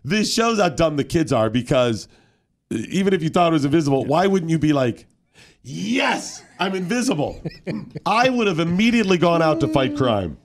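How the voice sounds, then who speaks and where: A man's voice: on the high side, a little fast. A man hosting a morning radio show, telling stories in casual banter and acting out the people he quotes. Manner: animated storytelling, acts out quotes.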